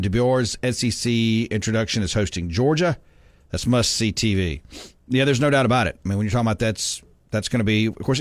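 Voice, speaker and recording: Male sports talk host, low-pitched, relaxed and chatty, dry studio sound. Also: no echo. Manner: easygoing, conversational. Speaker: radio host. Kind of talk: sports talk radio hosting. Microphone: studio mic.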